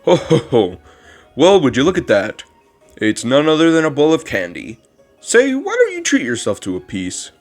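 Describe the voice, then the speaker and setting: A man putting on a gentle old monster caretaker, rambling and formal. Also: fairly high pitch, huge pitch swings, normal speed, soft background music, pitched above the performer's own voice. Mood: kindly. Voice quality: strained put-on voice. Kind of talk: reading game dialogue aloud.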